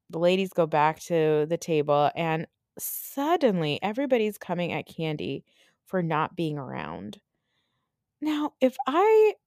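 Lying in bed at home with the flu, a woman hosting a podcast delivers a casual reality TV recap in a lowish voice. The recording is dry and studio quality, and her tone is ranty, blunt, sarcastic, and full of swearing.

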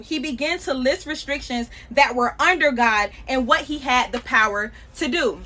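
A young woman hosting a podcast, preaching casually in a lively, slangy way and laughing often. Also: high voice, moderate pace, few pauses. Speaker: podcast host.

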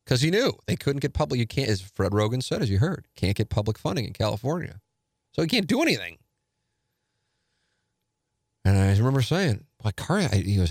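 A podcast host talks through a long story on his own, rambling and animated. His voice sits on the low side for a man. The studio sound is dry and close, with no room echo. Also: moderate pace, gravelly, long pauses. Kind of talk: casual solo podcast talk.

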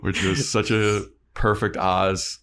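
A man's voice: low voice, slow pace. A man co-hosting a podcast, recapping a TV episode in casual chat and acting out the characters' lines with energy. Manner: animated, acts out character lines in bursts. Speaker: podcast co-host.

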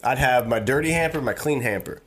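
A man's voice: medium pitch, brisk, fairly bright tone, breathy edge. Joking man co-hosting a podcast. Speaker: podcast co-host. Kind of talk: casual chat.

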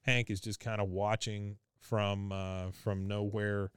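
Male podcast host, casual recap, smooth clear voice, dry close mic. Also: fairly low pitch, little pitch movement, slow pace, no echo. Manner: chatty, laughs often, many fillers.

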